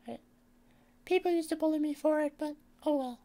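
A man from Canada putting on a squeaky childlike voice while pranking strangers on a video chat, insisting in a mock-hurt way that it is his real voice. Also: fairly quick, dark tone. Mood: playful pleading. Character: squeaky childlike man with a sensitive, teasing streak.

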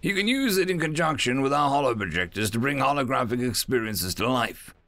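A man's voice: mid-range voice, animated, brisk, bright, forceful tone, no room sound, soft background music, pitched above the performer's own voice. A man doing a polite, nervous alien. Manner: formal, hesitant, apologetic. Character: polite nervous male alien via translator.

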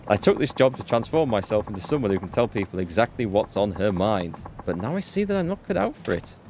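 A man reading the lines of a timid, gentle young woman who works as a dominatrix, aloud from game subtitles in a soft, apologetic way. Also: fairly low pitch, very animated, fast talker, slight background noise. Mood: meek.

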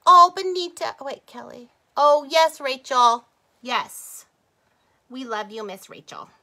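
A woman's voice: high voice, animated, takes it slowly, pushed and bright. A middle-aged woman chatting casually with livestream viewers while she crafts, rambling, laughing and drifting off topic. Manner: talks to viewers as "you guys" and "y'all".

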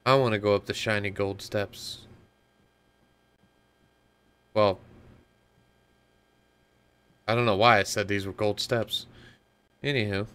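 Brief: male let's-player, slow and clear-voiced, jokey and chatty. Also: lowish voice, fairly even intonation, fairly bright tone. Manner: joking, rambling, talks to himself. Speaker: gaming channel host. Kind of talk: casual gameplay commentary.

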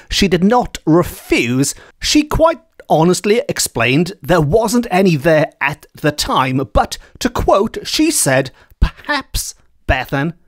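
A man's voice: a little high, dry recording, clean studio sound. Chatty male folklore storyteller. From Wales. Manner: chatty, digressive, emphatic storytelling. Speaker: podcast host and storyteller. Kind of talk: storytelling podcast narration.

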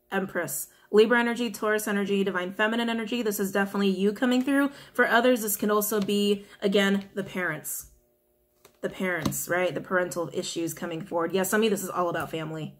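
A woman's voice: mid-range voice, a bit bright. A woman giving a casual, chatty tarot reading to viewers, often repeating her questions to the cards. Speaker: tarot reader.

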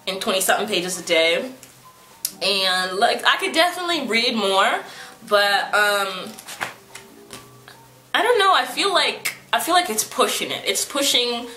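A woman's voice: a little high, pushed and bright. A young woman chatting to camera about books, rambling with many fillers and playfully teasing herself. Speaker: book vlogger. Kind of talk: casual chat to camera. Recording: roomy echo, faint background music.

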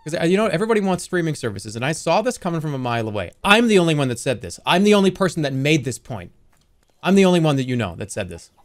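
A man in his thirties streaming a game live, talking in an animated, rambling and profane way. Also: on the high side, fast talker. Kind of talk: live gameplay commentary.

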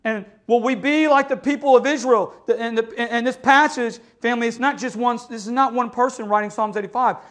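A pastor delivering an impassioned sermon in a church, moving between loud exhortation and hushed storytelling and often asking his listeners for an amen. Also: very high-pitched, fairly even intonation, a little fast, hardly any pauses. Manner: calls listeners "family" and keeps asking "amen?". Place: church sanctuary.

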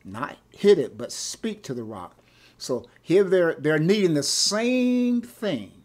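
A male pastor teaching a Bible class, animated, often repeating words and asking rhetorical questions. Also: fairly high pitch, takes it slowly.

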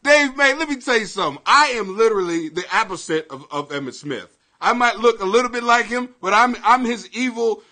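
A male comedian hosting a live podcast, ranting to his viewers in an excitable, profane, rambling way and apologizing often. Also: sits high, fairly quick, few pauses.

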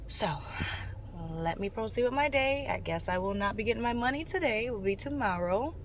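A woman's voice: fairly high pitch, expressive, brisk, a little hiss or hum. A young woman, telling a story in a casual, emphatic vlog while walking outdoors on a city street with a handheld phone camera. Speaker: vlogger.

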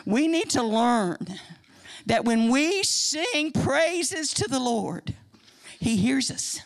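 A woman's voice: on the high side, expressive, slow, creaky. An older woman with a Midwestern American accent, preaching in a church in a folksy, emphatic way. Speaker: church speaker. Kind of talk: sermon. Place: church sanctuary.

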